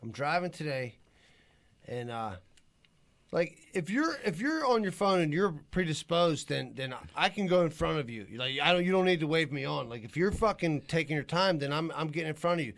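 A man co-hosting a casual podcast, telling an animated, profane story and laughing his way through it. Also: on the high side, moderate pace, creaky. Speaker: podcast co-host. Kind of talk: casual storytelling among friends.

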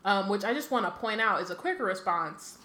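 A woman's voice: medium pitch, expressive, pushed and bright. Woman co-host reading aloud and chatting. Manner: quick reading with frequent self-corrections and fillers. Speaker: podcast co-host. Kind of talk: reading a novel aloud and casual chat. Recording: echoey room with faint ambient noise.

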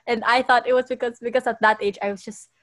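Young woman, higher voice, casual storyteller who acts out quotes, dry close mic. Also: steady tone, quick pace, no echo. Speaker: podcast co-host. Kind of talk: casual chat.

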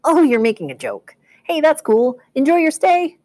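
A woman's voice: high-pitched, wildly swooping pitch, moderate pace, darkish tone, no echo, pitched above the performer's own voice. A woman reading a novel aloud, voicing a breezy, overly friendly male casino bellhop in an upbeat, eager way. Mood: cheery. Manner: upbeat, eager, brushes off questions.

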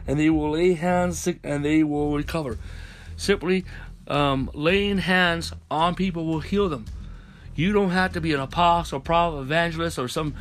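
A man's voice: on the high side, steady tone, normal speed, fairly bright tone. A man preaching a sermon over a conference call, dropping in hallelujah and amen between phrases and rising into chanted repeated lines.

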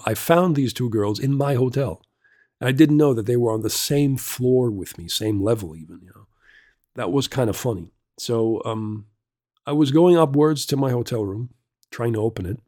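A man's voice: medium pitch, mellow, no room sound, studio quality. A man hosting a casual solo podcast, rambling through a story with lots of restarts, fillers and swearing. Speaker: podcast host.

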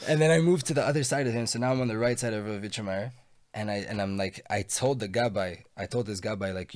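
A young man in his twenties or thirties tells a story in a casual chat. His voice sits fairly low, and he tumbles through animated, filler-heavy sentences. The recording is dry and close, with little room sound. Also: no echo. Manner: animated, talks fast with many fillers.

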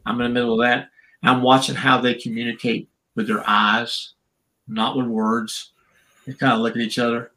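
Poor audio captures a former wrestler and referee, an older guest sharing stories in a casual interview. His mid-range voice sounds pushed and bright, with a level tone at normal speed, as he chats, laughs a lot, and acts out people's words.

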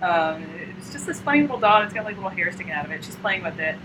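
A young woman in casual chat, retelling a comic story with lively energy and frequent laughs, acting out the lines. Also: lowish voice, rapid-fire. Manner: animated, acts out quotes in silly voices, laughs often. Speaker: podcast co-host. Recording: noticeable background noise.

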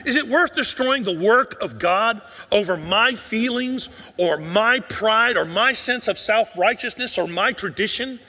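A man preaches to his congregation in a high, ringing voice. He leans on rhetorical questions and drops nearly to a whisper to press a point home. His voice carries through the long echo of a large church sanctuary. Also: lively intonation, measured pace, hardly any pauses, pushed and bright. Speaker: pastor. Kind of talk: sermon.

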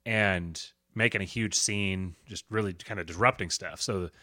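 A man with a fairly low voice talks as a guest on a podcast, recounting a story in a relaxed, conversational way. He is earnest and halting, often restarting his sentences. The sound is close and dry. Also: dry recording. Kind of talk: casual storytelling chat.

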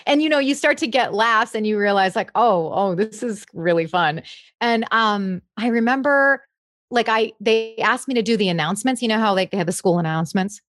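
Chatty, animated woman comedian. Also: on the high side, brisk, no room sound, studio quality. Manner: chatty, animated, laughs often, slips into impressions. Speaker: comedian guest. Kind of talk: casual interview chat.

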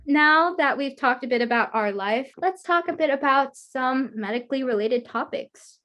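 A woman with a high, bright-toned voice hosts a casual interview over a video call. She talks in a chatty, rambling way and giggles often. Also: expressive, moderate pace, soft background music. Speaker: guest host interviewer. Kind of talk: casual chat.

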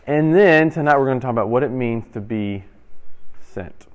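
A young man in his role as a youth pastor, giving an interactive sermon and playfully quizzing his audience with quick asides. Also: mid-range voice, expressive, lo-fi sound. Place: church hall with audience.

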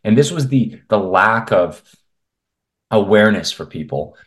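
Speaking from his home in Canada over a video call, a men's health coach appears as a guest in a casual interview. His fairly low, expressive voice moves at a measured pace as he rambles at length, blunt and opinionated.

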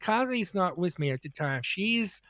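A man's voice: sits high, animated, normal speed, a bit bright, no room sound. A man on a podcast, telling a rambling, profane story in casual chat, full of restarts.

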